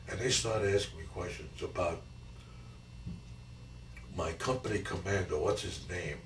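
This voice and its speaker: A man's voice: deep voice, a little slow, long pauses. An 80-year-old man telling his grandchildren about his life, rambling and repeating key phrases. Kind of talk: casual storytelling interview. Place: family home. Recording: echoey home camcorder audio, mic far off, faint hiss.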